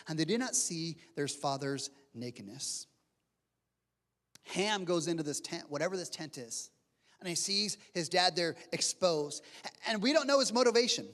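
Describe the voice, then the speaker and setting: A man in his forties preaching a sermon as pastor, telling a story with lively asides and frequent restarts. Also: high voice. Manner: animated storytelling with repeated restarts and playful asides. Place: church sanctuary. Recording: long reverb of a church hall.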